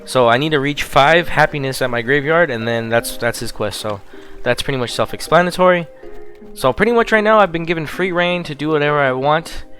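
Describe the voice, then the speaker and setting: A man talks casually through a video game, explaining each step in an easygoing, chatty way. His voice is low and relaxed, with some fillers. Quiet music plays in the background. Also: a little fast. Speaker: game streamer. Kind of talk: casual gameplay commentary.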